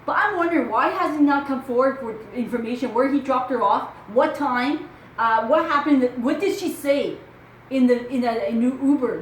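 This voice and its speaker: French-accented woman, true crime vlogger, high voice, casual and questioning, faint room hum. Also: echoey room, poor audio. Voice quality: animated, wondering aloud with rhetorical questions. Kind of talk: casual true crime commentary, reading news aloud.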